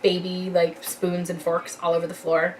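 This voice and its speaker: A woman's voice: on the low side, completely flat delivery, moderate pace. A young woman, a mom vlogger, chatting casually and rambling from one thought to the next. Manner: chatty and rambling, loses her train of thought. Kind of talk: casual chat. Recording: slightly distant mic with faint background noise.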